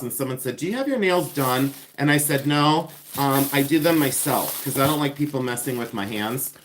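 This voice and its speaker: Middle-aged guy hosting a live jewelry unboxing, kinda high voice, chatty and gushy, laughs a lot. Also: a little hiss or hum. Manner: animated, gushing, greets viewers by name, laughs often. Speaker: live-stream jewelry reseller host.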